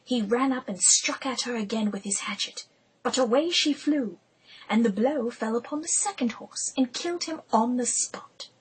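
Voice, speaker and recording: A woman narrating an audiobook in a hushed, intimate whisper. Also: on the high side, normal speed, slightly rough, rough recording.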